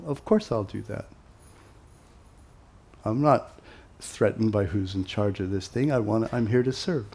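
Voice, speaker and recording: A man giving an informal spiritual talk to devotees in a relaxed, conversational way, with many pauses and acted-out quoted exchanges. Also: fairly low pitch, creaky, husky. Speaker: monastic teacher.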